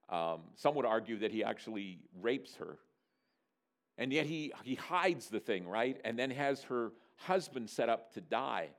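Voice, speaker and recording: A male pastor from Northern Ontario delivers a sermon, his pitch rising and falling in a lively, animated way. He tells stories with drama, slipping into the voices of the people in them. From Northern Ontario, Canada. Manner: animated storyteller, voicing characters in dialogue. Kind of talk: sermon with storytelling.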